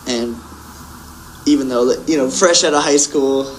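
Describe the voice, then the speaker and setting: A man's voice: mid-range voice, moderate pace, low-quality recording. Rambling young man with faint room hiss. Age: young adult. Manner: rambling, many fillers, laughs often. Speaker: musician guest. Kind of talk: casual interview chat.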